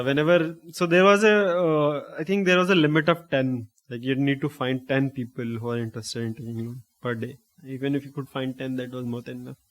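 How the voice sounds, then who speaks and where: A young man from India with an Indian English accent, telling a long personal story in a casual, rambling way and often checking in with "right?". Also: medium pitch. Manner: rambling, with frequent "right?" and self-corrections. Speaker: host.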